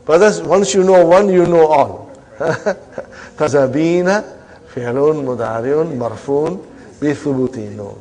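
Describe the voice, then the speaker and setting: A man teaching an Arabic grammar class, coaxing students along, drilling terms slowly and checking they follow. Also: a little high, dark tone. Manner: coaxing, repeats "huh?" and "are you with me" to check students.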